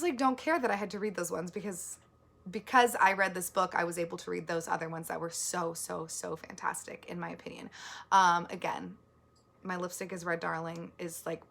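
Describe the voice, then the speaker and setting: A woman's voice: on the low side, vocal fry, a bit bright. A woman book vlogger chatting casually about her month's reading, rambling with lots of likes and ums, earnest and easily moved. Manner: rambling, filler-heavy, with many likes and ums.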